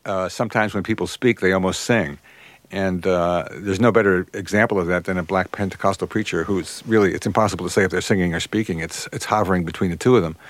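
A man being interviewed about his music, answering thoughtfully with many pauses and fillers. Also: low-pitched, no room sound. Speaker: guest composer.

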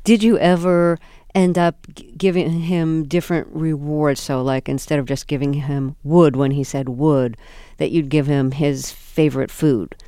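A woman interviewer asking measured, thoughtful questions. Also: low-pitched, steady tone, warm tone, smooth, no room sound, studio quality.

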